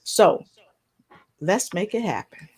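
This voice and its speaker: A woman hosting an online talk show, giving lively, playful introductions with little rhymes. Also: medium pitch, takes it slowly, breathy edge.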